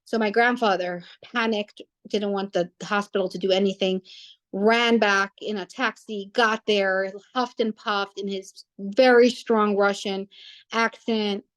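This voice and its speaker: A woman's voice: mid-range voice, fairly even intonation, a little slow. A young woman telling a family story casually, rambling with restarts and fillers.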